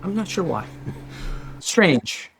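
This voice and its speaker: A man's voice: sits high, sing-song, drawn-out words, a bit bright, a little hiss or hum, exaggerated voice. A Canadian man improvising a scheming, overly polite male Sherpa guide in his own regular voice, fussing with mock concern. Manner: fawning, mock-concerned, keeps saying sir. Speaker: podcast co-host. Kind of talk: improvised comedy sketch.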